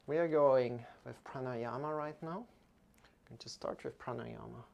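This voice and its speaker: A man guiding a yoga class, giving gentle and unhurried instructions with soft asides. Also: mid-range voice, gravelly. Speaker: yoga teacher.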